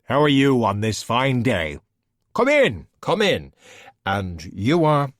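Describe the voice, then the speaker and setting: A man voicing a deadpan, sardonic skeleton detective in an audiobook. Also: mid-range voice, takes it slowly, no room sound, studio quality, pitched above the performer's own voice. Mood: smooth polite. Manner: deadpan, wry.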